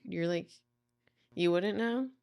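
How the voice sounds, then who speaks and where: A woman's voice: on the low side, slow, gravelly, a little mellow, clear, resonant tone. A woman co-hosting a podcast, chatting casually with teasing banter. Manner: teasing, laughs easily. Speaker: podcast co-host. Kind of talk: casual chat.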